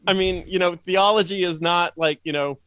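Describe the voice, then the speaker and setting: Man, podcast guest, rambling sardonic riffer, slightly high voice. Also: normal speed, a bit bright, smooth, no echo. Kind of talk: casual podcast conversation.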